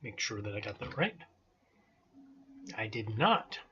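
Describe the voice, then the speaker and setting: A man's voice: lowish voice, a little slow, muffled recording, a little hiss or hum. A man hosting a daily game playthrough, chatting casually and thinking aloud as he plays. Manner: relaxed, thinking aloud with fillers. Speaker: let's-play host. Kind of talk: casual gameplay commentary.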